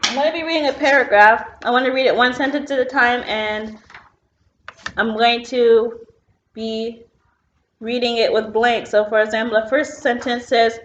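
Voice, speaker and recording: A woman's voice: a little high, fairly even intonation, moderate pace, fairly bright tone, a little hiss or hum. A woman teacher giving an online phonics lesson, explaining patiently step by step with the odd "um" while she writes on a board. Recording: roomy, dull lo-fi classroom sound.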